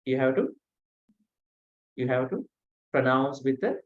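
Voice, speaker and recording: Guy teaching pronunciation super slowly, lots of uh pauses, kinda muffled lo-fi sound. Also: mid-range voice, animated. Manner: slow, patient, pronounces sounds one by one with many "uh" pauses. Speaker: Pali teacher. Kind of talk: online language lesson. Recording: dull lo-fi audio.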